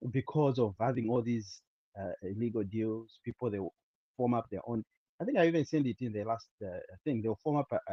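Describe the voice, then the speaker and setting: A Zambian man on a podcast panel, talking casually over a remote call, halting with many fillers and restarts. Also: mid-range voice, warm tone, slightly rough, dry recording. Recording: dull lo-fi call audio.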